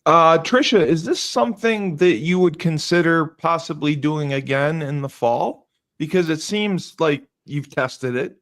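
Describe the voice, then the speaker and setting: A man's voice: a little high, measured pace, a bit bright. A man hosting a casual interview, asking a guest short follow-up questions. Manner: brief encouraging interjections. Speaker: host.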